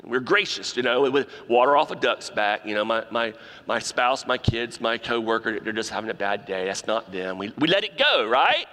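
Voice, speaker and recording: A man's voice: medium pitch, moderate pace, hardly any pauses. Preaching man in a reverberant church. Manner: animated preaching, acting out quoted voices. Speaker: pastor. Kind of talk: sermon. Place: church sanctuary. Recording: long reverb of a large hall.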